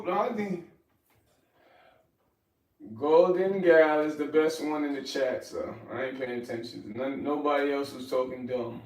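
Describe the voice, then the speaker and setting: A man's voice: medium pitch, measured pace, reverberant, far from the mic. Joking man livestreaming from his kitchen. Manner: loose, joking, reads and answers chat. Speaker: livestream host. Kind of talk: casual livestream chat while cooking. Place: home kitchen.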